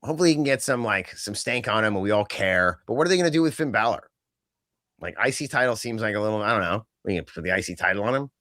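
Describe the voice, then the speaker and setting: In a studio-quality recording with no room sound, a podcast co-host talks wrestling in a rapid-fire ramble packed with fillers and quoted asides. His voice is on the low side, with lively intonation and a bright, forceful tone.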